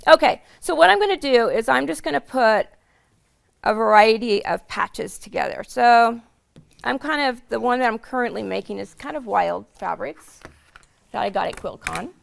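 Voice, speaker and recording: A hoarse woman casually demonstrating quilting steps to a small group, chatty and explaining each step as she sews. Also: on the high side, animated, moderate pace. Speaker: quilting instructor.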